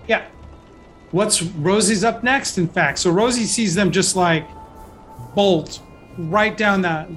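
A man narrating and ruling as game master of a tabletop role-playing game, in an easygoing way. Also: sits high.

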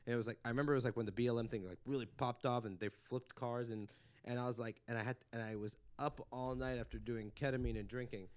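A man's voice: medium pitch, steady tone, fast talker, a little mellow, clear, resonant tone. A man from Los Angeles, a comedian hosting a casual podcast chat, telling profane ranting stories and slipping into mocking voices.

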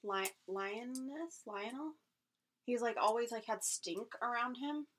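A woman's voice: a little high, takes it slowly, a bit bright. A woman co-hosting a casual podcast chat, telling a story animatedly with lots of "like" fillers and acted-out quotes. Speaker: podcast co-host.

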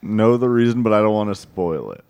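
A man's voice: fairly low pitch, expressive, fairly quick, darkish tone, clean tone, no echo. A young man co-hosting a comedy podcast, dryly steering the conversation in casual banter. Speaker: podcast co-host.

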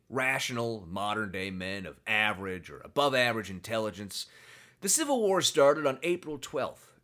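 Brief: a sarcastic, animated male podcast host who swings his pitch widely. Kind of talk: casual podcast chat.

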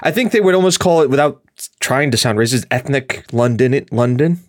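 A man's voice: mid-range voice, fairly quick, no echo, clean studio sound. Man chatting animatedly on a podcast. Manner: rambling, animated, laughs often. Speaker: podcast host. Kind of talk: casual chat.

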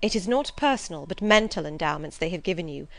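A woman's voice: fairly low pitch, expressive, quick pace, creaky, no echo. A woman reading the part of a stern, zealous male missionary in an audiobook, speaking in a solemn, insistent, preaching way. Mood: commanding, insistent.

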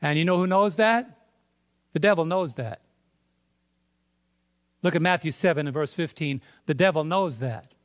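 A man with a New York accent preaching a sermon, emphatic, with sudden loud stresses on key words. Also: fairly high pitch, normal speed, long pauses. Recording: long hall reverb.

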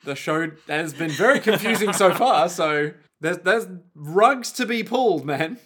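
A man's voice: high-pitched, lively intonation, unhurried, a bit bright, husky. A man co-hosting a casual chat, rambling and laughing as he guesses what happens next in a show. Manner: rambling, laughing, slipping into silly voices for characters. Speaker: podcast co-host. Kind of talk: casual chat predicting plot of an anime.

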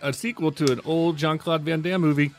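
A man in a casual podcast chat who talks fast and offhandedly. He announces new releases between the others' jokes. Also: a little high, fairly even intonation, faint music behind.

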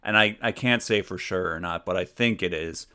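Bright-voiced man rambling through anecdotes. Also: deep voice, normal speed, clear, resonant tone. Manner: rambling, self-mocking anecdotes. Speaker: podcast co-host. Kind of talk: casual chat.

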